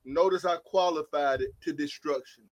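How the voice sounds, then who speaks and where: A man preaching a fiery sermon as pastor, swinging from quiet asides to shouted points. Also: fairly high pitch, normal speed.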